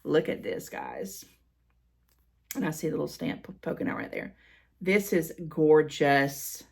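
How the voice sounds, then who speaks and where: A woman's voice: deep voice, sing-song, unhurried, creaky, darkish tone. A middle-aged American woman chatting casually as she reads fan mail aloud, gushing and emotional, often repeating her words. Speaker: haul vlogger.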